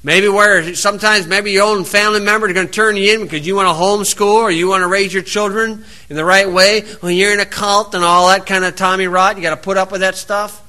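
A man delivers a homespun sermon in a high, very bright voice. He reads scripture at a deliberate pace, then slips into relaxed, plain-spoken stories about everyday life. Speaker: preacher. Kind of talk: folksy sermon.

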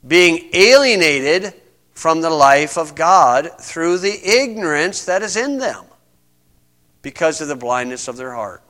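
A man preaching a conversational sermon, stressing points and reading scripture slowly. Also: fairly high pitch, expressive, sharp tone. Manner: conversational, emphatic, reads scripture aloud slowly.

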